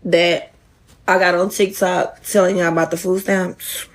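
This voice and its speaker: A woman's voice: fairly low pitch, level tone, unhurried. A woman ranting to her viewers on a phone, profane and exasperated. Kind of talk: casual social media rant.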